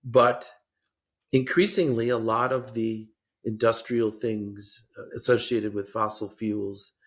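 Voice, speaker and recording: An older man with a low, gravelly voice talks as a guest on a podcast. He speaks in a measured way and often stops and restarts his sentences. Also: fairly even intonation. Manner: measured, hesitant, many restarts. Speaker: guest policy expert. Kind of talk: podcast interview.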